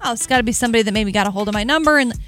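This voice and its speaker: A young woman, co-hosting morning radio and telling stories with lively, acted-out dialogue. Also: fairly high pitch, rapid-fire, soft background music. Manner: animated storytelling, acts out both sides of a phone call. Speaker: radio co-host. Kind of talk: casual morning radio chat.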